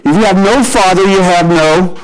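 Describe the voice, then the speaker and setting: A man preaching a sermon as a pastor, telling stories and slowing right down on key lines for emphasis. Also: high voice, smooth, rough recording. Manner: storytelling preacher who shifts pace for emphasis.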